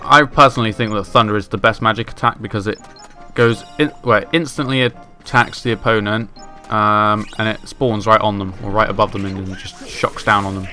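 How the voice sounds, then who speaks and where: A man from England gives rambling, joking commentary over his gameplay. His voice is fairly low but bright and forceful, with game music faint behind him. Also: fairly even intonation, fairly quick. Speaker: let's play commentator.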